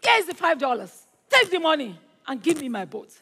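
A woman's voice: high voice, very animated, normal speed, bright, forceful tone, exaggerated voice. A woman voicing an eager ten-year-old boy in a spoken story, bursting with joy over his toy boat. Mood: overjoyed.

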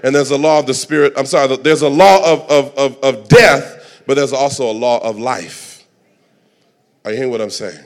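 A pastor preaching a sermon with dramatic delivery, dropping to soft asides and rising to shouts. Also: male voice, medium pitch, normal speed.

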